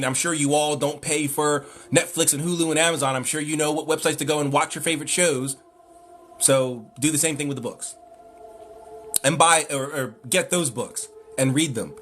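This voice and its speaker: A man's voice: on the high side, a bit bright. A man hosting a live stream, lecturing emphatically and with exasperation as he answers chat.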